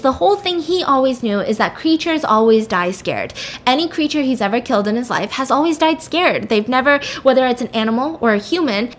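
A woman's voice: sits high, a bit bright. Chatty young woman retelling a story. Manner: chatty, fillers of "like", quick asides. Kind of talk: casual retelling of a horror plot.

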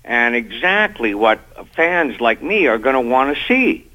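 A man's voice: mid-range voice, big pitch swings, unhurried, muffled recording. A man with a nasal voice calling in as a surprise guest, chatting playfully and joking. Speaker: phone-in guest. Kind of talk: casual interview chat.

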